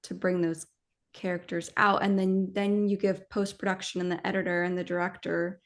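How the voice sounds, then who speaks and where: A woman actress talking casually in an interview, animated and rambling, with many fillers and restarts. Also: lowish voice, moderate pace.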